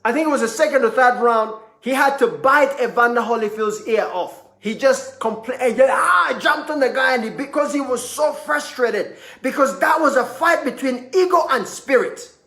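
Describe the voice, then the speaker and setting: A man giving a motivational sermon, telling a story with rising intensity and shouting at the peaks. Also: extremely high pitch, moderate pace, hardly any pauses, roomy sound. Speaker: speaker.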